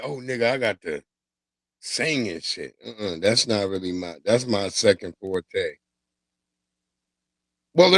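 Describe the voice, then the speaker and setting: A man's voice: on the low side, fairly bright tone, no echo. A man hosting a casual livestream, talking loosely with profanity and street slang. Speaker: livestream host.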